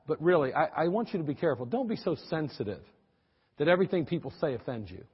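A middle-aged man preaching a sermon, folksy and animated, with teasing asides to the congregation. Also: a little high, fast talker, slightly rough. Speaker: pastor. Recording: dull, lo-fi audio with long church-hall reverb.

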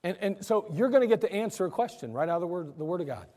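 High, lively-voiced preaching man. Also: racing, in a large hall. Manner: emphatic, conversational preaching that acts out listeners' objections. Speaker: pastor. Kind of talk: sermon. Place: church.

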